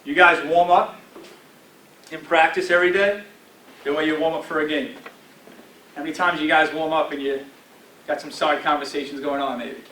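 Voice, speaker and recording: A man's voice: a little high, fairly even intonation, normal speed, pauses often, sharp tone, distant mic, slight background noise. Man in his forties coaching a team. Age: 40s. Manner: direct, coaching tone with frequent "all right?" and "right?". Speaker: guest speaker addressing a football team. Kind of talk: motivational talk. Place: team meeting room. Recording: roomy echo from afar with faint ambience.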